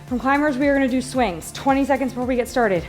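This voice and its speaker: A woman's voice: high-pitched, quick pace, faint music behind. A woman leading a workout as fitness instructor, upbeat and encouraging, counting reps and getting out of breath. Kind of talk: live workout coaching.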